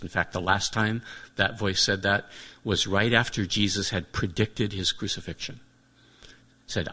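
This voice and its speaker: A man's voice: low voice, steady tone, normal speed, sharp tone. A man preaching a sermon in an earnest, reflective way, often restating his points.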